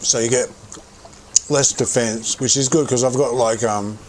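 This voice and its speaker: A middle-aged gaming livestreamer offers casual gameplay commentary, rambling about his gear and swearing now and then. He speaks at a measured pace in a medium-pitched voice with fairly even intonation, over a little hiss or hum.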